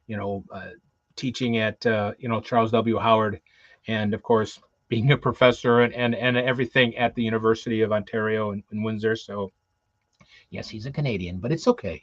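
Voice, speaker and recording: A man's voice: on the low side, no room sound. Male co-host, casual rambler, fillers and restarts; dull dry lo-fi recording. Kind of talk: casual show chat, previewing guests.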